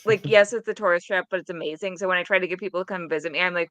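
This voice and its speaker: A woman from Wisconsin with a strong Upper Midwest accent, chatting on a movie watchalong. Her voice sits lowish and sounds close and dry. She talks in an earnest, eager, opinionated way. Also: steady tone, rapid-fire, a bit bright, no room sound. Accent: Upper Midwest American. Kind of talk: casual chat on a movie watchalong.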